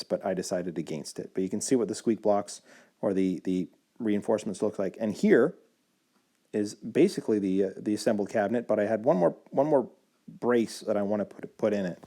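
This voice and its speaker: Relaxed man narrating a workshop build. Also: lowish voice, fairly quick. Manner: relaxed, explanatory, with frequent fillers and self-corrections. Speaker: woodworking video maker. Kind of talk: casual how-to voice-over.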